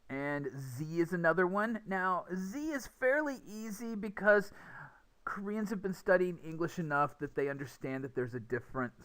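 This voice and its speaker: A man's voice: a little high, a bit bright. A young man teaching a recorded English pronunciation lesson, explaining patiently and often repeating words as he restarts.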